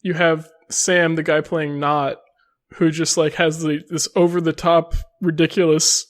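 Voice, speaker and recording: A man's voice: on the high side, little pitch movement, a little slow. A young man co-hosting a podcast, chatting casually and hesitantly, saying "like" constantly. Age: young adult. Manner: hesitant, heavy use of "like". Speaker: podcast co-host. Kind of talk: casual chat.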